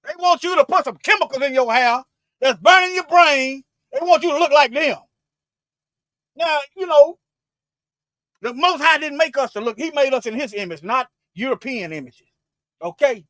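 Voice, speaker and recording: Man, very high voice, fervent livestream preaching, loud bursts and muttered asides, repeats himself, dry close sound. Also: moderate pace, no room sound. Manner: repeats words and restarts often. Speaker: self-styled Bible teacher on a livestream.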